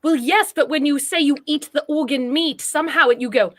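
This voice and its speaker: A woman's voice: high-pitched, a little fast, a bit bright. A woman co-hosting a comedy show in character, prim and playfully teasing in the banter. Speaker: co-host.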